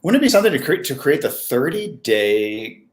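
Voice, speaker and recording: A man's voice: mid-range voice, very animated, a little fast. Chatty man in an echoey room. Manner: chatty, asks questions, jokes. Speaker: co-host, doctor. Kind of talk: casual live-stream chat.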